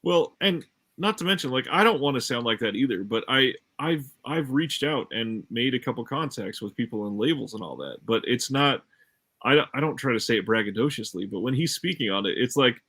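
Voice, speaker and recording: Man, podcast host, casual chat, lively pitch, mid voice, laughs easily. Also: brisk. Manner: chatty, laughs easily, restarts.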